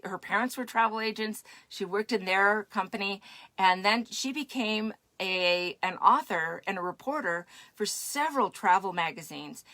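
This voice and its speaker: A woman's voice: medium pitch, a bit bright, no room sound. A woman podcast host talking casually and encouragingly to her live-stream audience. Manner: chatty, encouraging.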